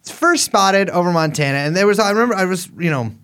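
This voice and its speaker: A man's voice: sits high, lively intonation, fast talker, a bit bright, clean tone. A man co-hosting a podcast in casual, joking banter, swearing freely. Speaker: podcast co-host.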